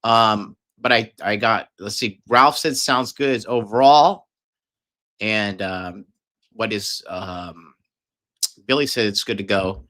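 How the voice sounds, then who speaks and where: A man's voice: fairly low pitch, slow pace, bright, forceful tone. A man hosting a livestream, talking casually and aggressively, swearing often and berating his viewers. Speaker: livestream host. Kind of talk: profane livestream rant.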